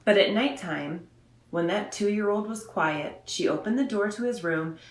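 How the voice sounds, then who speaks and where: A woman's voice: medium pitch, slight background noise. A woman radio host at home in her son's bedroom, chatting casually and then reading a children's picture book aloud in a rambling, friendly way. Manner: chatty and rambling, slows down to read. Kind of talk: chatty storybook read-aloud. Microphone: phone or camera set up in front of her. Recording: roomy bedroom sound.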